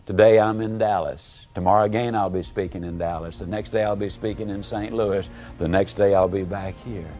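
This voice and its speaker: A man giving a live motivational speech, telling folksy stories and swinging between booming and hushed delivery. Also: steady tone, fairly quick, hardly any pauses, soft background music. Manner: folksy storytelling. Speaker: motivational speaker.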